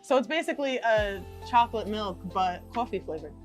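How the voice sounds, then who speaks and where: A woman's voice: medium pitch, lively intonation, fairly quick, soft background music. A young woman with a Rhode Island accent, co-hosting a podcast in casual chat and laughing easily. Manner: chatty, laughs easily, says "yeah" a lot. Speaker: podcast co-host.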